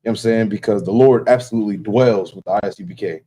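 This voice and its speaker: A man with a dark, mellow voice preaches at a quick clip. He talks with emphasis, presses his warnings home, and keeps checking that his listener follows. Faint noise sits behind him. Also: lowish voice. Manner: emphatic, warning tone, keeps asking "you know what I'm saying". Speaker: religious teacher. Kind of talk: preaching in casual talk.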